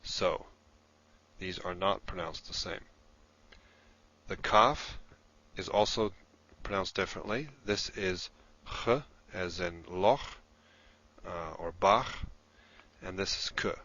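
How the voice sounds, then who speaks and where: A man's voice: sits low, takes it slowly, sharp tone, highs cut off. A man giving a recorded lesson, explaining patiently step by step while he writes things down. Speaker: instructor in a played lesson video.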